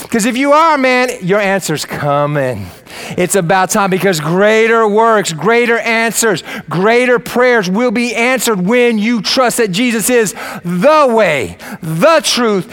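A man delivers a sermon as pastor in a fairly high voice. He swings from loud, emphatic lines down to low, quiet ones and speaks in casual slang. At times he drifts away from the mic. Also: animated, moderate pace.

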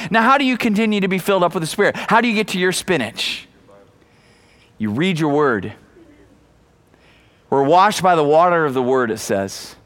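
A male preacher delivering a sermon with a bright, high voice. He talks emphatically, hammering key phrases again and again and calling out to the congregation. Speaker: pastor.

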